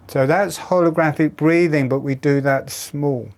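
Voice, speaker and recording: A man teaching a breathwork lesson, calmly explaining and demonstrating each step. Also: a little high, normal speed, hardly any pauses. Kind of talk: guided breathing instruction.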